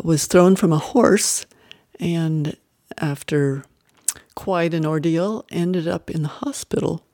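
A man's voice: on the high side, darkish tone, no echo. A man reads a romance novel aloud, introducing the chapter in a plain, conversational tone. The recording is close and dry. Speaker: audiobook reader.

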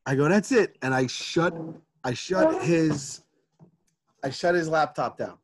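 A man in his thirties co-hosting a podcast, telling a story about his kids and acting out quotes with sudden shouts. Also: a little high, slow. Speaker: podcast co-host. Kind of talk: casual storytelling.

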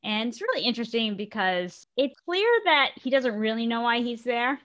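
A woman's voice: on the high side, expressive, normal speed, fairly bright tone, muffled recording. A woman co-hosting a podcast in casual chat, chatty and often trailing off to restart her sentences. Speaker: podcast co-host.

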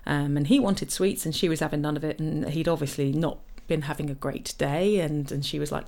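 A woman's voice: low voice, fairly even intonation, a little fast, hardly any pauses, darkish tone. A woman co-hosting a casual chat, telling stories with lots of fillers and restarts. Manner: chatty storyteller, frequent fillers and restarts.

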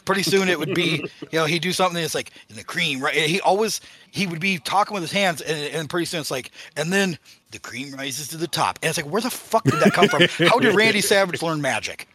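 Bright-voiced man telling stories. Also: fairly high pitch, quick pace, few pauses. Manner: storytelling, laughs often, acts out quotes. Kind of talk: casual podcast chat.

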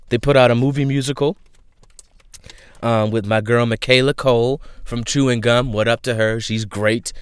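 A man casually retelling a show he recommends, animated and full of fillers. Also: mid-range voice, smooth, dry recording. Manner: animated storyteller, many fillers.

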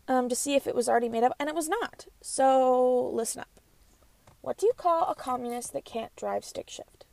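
A woman's voice: high-pitched, darkish tone. A woman in her twenties hosting a casual solo podcast, chatty and rambling with lots of fillers. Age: 20s. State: out of breath. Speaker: podcast host.

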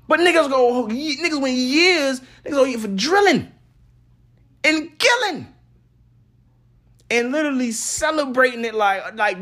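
A young adult man hosting a podcast, ranting casually and swinging from loud trash talk to low mutters. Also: very animated, a little slow. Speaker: podcast host.

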